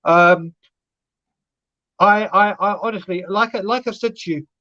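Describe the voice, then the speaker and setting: A man's voice: high-pitched, measured pace, bright, forceful tone, dull audio. A man co-hosting a live football fan stream, ranting sarcastically and swearing.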